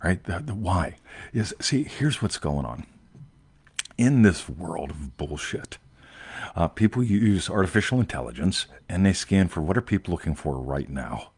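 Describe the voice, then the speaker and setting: A man's voice: deep voice, big pitch swings, unhurried, darkish tone, husky, dry recording. A man hosting a casual chat, rambling and emphatic, often tagging "right?" and swearing offhandedly. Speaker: host.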